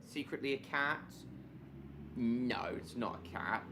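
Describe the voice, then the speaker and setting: A man hosting a casual live stream, his voice at an ordinary middle pitch. He rambles through his ideas with lots of basically and reckon, breaking off mid-sentence to greet and answer viewers by name. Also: animated, takes it slowly, sharp tone, slight background noise.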